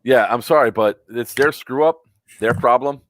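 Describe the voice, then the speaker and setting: A man co-hosting a casual podcast who talks in an animated way and laughs often. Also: mid-range voice, moderate pace. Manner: animated, laughs often, firm and scolding on a complaint call. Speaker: podcast co-host. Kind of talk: casual chat.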